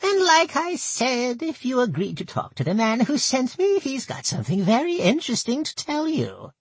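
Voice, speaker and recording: Audiobook part: sly goblin woman, thick and nasal, pitched well up, husky edge, voiced by a man. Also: wildly swooping pitch, moderate pace, no echo, full character voice. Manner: sly, insinuating. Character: hunched scheming female goblin envoy. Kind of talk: audiobook narration.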